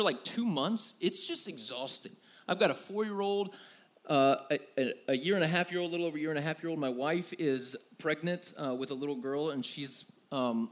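A man in his thirties preaching to a room, telling a personal story in a candid, self-deprecating way with many fillers. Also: on the high side. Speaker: youth pastor. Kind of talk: sermon.

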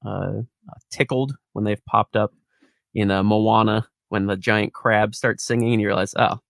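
Man, low voice, gravelly fry, dry close sound, casual podcast chat, easy laughs. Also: unhurried, dry recording. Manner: relaxed, chuckling often. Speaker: podcast co-host.

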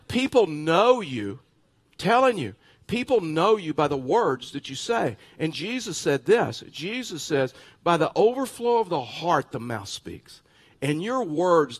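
Male pastor, sermon delivery, a touch high-pitched, lively anecdotal preaching with restarts. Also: slightly rough. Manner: animated storytelling with bursts of laughter; repeats words and restarts phrases.

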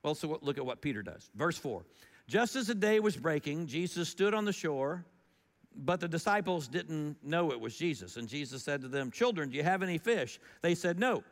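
A man delivering a sermon in a relaxed, conversational tone, leaning into the story with swings in loudness. His voice sits a little higher than most men's. It rings out with a long echo, as in a large sanctuary. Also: normal speed. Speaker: pastor.

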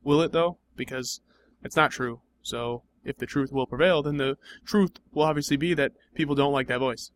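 A man's voice: mid-range voice, moderate pace. A young man in improvised comedy banter, dry, skeptical and argumentative.

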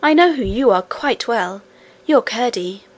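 Storybook girl princess, earnest and insistent, pitched high, read by a woman. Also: lively intonation, measured pace.

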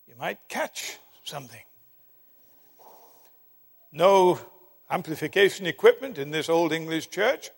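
A man preaching a sermon, telling stories with dramatic emphasis and long pauses. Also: a little high, lively intonation, vocal fry. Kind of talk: sermon with storytelling. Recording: long hall reverb.

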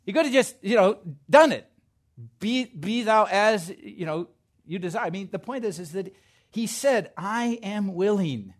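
A man preaching a sermon to his congregation in a high, lively voice. He drops to hushed asides and then builds to loud, emphatic declarations. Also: normal speed. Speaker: pastor.

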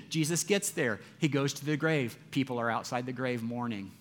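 A man preaching a sermon, moving between loud, urgent passages and hushed, quiet ones, with casual asides to his listeners. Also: mid-range voice, normal speed, hardly any pauses. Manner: dynamic preaching, rising loud for quoted cries and dropping soft for grief; conversational asides to the congregation. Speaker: pastor.

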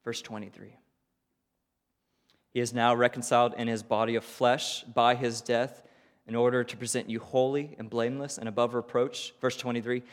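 A man preaching a sermon as pastor, animated and questioning, with quick rhetorical asides. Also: on the high side, big-room sound.

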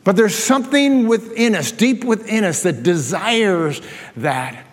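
High-voiced preacher in a hall. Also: male voice, unhurried. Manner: animated storyteller, laughs at his own jokes. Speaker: pastor. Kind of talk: sermon. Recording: long reverb of a large hall.

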